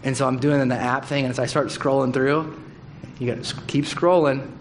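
A man's voice: mid-range voice, steady tone, fairly quick, slight background noise. A man preaching a sermon as pastor, candid and conversational, with humorous asides. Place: church hall.

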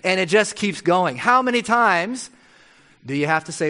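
Wry, animated male preacher with a higher voice. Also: normal speed. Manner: animated and playfully wry, with frequent tag questions. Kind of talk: conversational sermon.

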